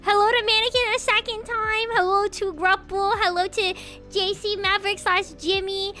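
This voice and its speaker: A very high, bright, bubbly voice from a woman streamer chatting live with her viewers. She giggles often and teases her chat playfully. Soft music runs faintly underneath. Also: flat delivery, normal speed. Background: faint background music.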